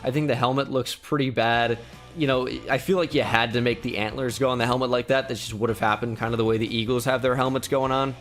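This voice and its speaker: A man's voice: medium pitch, fast talker. A young man giving casual, opinionated commentary on a video, with lots of fillers. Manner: relaxed, opinionated, many fillers. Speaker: gaming YouTuber. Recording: faint music behind.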